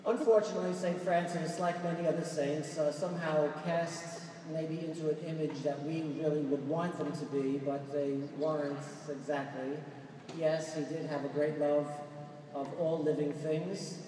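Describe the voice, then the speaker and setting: A man's voice: fairly high pitch, steady tone, normal speed. A man from Brooklyn with a Brooklyn New York accent, a Franciscan friar giving a humorous conference talk and laughing at his own jokes. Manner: joking storyteller, laughs at his own lines. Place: large church or conference hall. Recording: echoey hall from far off, noisy.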